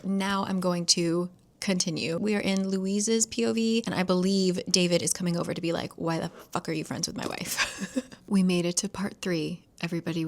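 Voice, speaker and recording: A young woman recapping a thriller in a casual vlog, chatty and swearing lightly as she goes. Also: on the low side. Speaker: book vlogger. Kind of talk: casual reading vlog with read-aloud passages.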